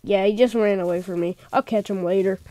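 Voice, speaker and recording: A woman hosting a gameplay video, chatting excitedly with rambling asides into a desk microphone. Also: mid-range voice, brisk. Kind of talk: casual gameplay commentary.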